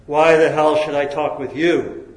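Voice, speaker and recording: A man's voice: medium pitch, fairly even intonation, normal speed, darkish tone, close to an everyday voice. A man doing a roaring drunk laborer. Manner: roaring, belligerent. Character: big drunk angry male laborer. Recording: roomy echo.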